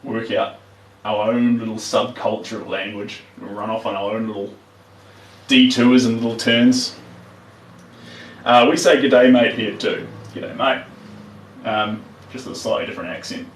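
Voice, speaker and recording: A man's voice: fairly low pitch, fairly even intonation, moderate pace, pauses often, recorded from a distance, a little hiss or hum. A man with a New Zealand accent chatting casually to live viewers while he paints, trailing off as he works. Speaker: artist streaming live. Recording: roomy, mic set back from speaker.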